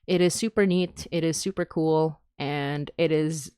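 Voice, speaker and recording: A woman's voice: low voice, steady tone, a little slow, darkish tone, clear, resonant tone, no echo, studio quality. A young woman hosting a fundraising stream in casual, giggly, rambling chat. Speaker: podcast host on a fundraising stream.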